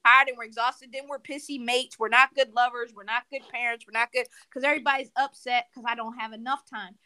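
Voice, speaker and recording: A woman hosting a podcast interview, with a bright, forceful voice pitched a little high. She speaks emphatically, repeats key words for effect and is quick to affirm her guest. The recording is dry and close. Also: steady tone, no room sound. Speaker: podcast host.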